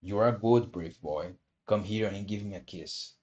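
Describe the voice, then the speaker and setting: Guy reading a gruff hoarse puppet showman, big beard, loud and slow, low voice. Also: muffled recording, close to an everyday voice. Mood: stern. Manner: loud, slow, booming delivery with sneezes. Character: gruff bearded male puppet showman, blustering but soft-hearted. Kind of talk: storybook reading.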